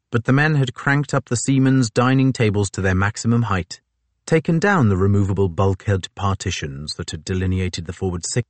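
Deep-voiced male audiobook narrator. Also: no room sound. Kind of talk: scripted narration.

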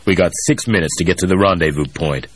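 A man reads as a terse military colonel barking short orders. The voice is low and husky, close and dry, with no room around it. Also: fast talker, dry recording. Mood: curt. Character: gruff male military colonel, commanding.

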